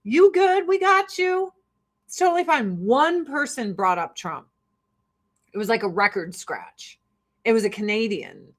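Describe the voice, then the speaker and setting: A woman's voice: a little high, lively intonation, measured pace. An American woman in her forties talking casually while getting ready, brash and profane, laughing often. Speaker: vlogger. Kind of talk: casual get-ready-with-me chat.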